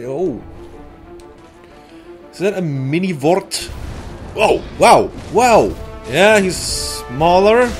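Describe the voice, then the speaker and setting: A man hosting a gameplay video, commenting sarcastically with jokey exclamations and laughs. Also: a little high. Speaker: let's play host.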